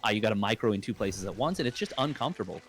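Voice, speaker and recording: Speaking in a husky, fairly low voice, a young man races through casual commentary on an esports match. He rambles, cracks jokes and leans on lots of fillers, his intonation staying lively throughout.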